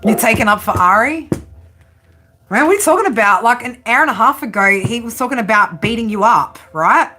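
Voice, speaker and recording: A woman's voice: a little high, expressive, fairly quick, pushed and bright, faint music behind. A woman hosting a casual live-stream tarot reading, chatty and giggly, often ending her lines with "right?".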